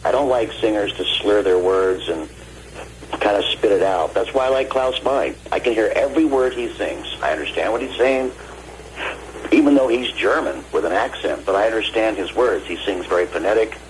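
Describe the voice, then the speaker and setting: Older male guest on a phone line, deep voice, animated storyteller. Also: normal speed. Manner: animated, acts out quoted dialogue. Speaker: guest vocalist and producer. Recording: phone call with faint noise.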